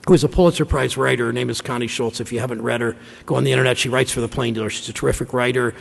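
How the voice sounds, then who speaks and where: Gravelly-voiced man giving a speech. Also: medium pitch, fairly even intonation. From Ohio. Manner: folksy storytelling, halting restarts. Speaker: senator. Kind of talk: speech to a conference audience. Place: large conference room. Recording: long hall reverb.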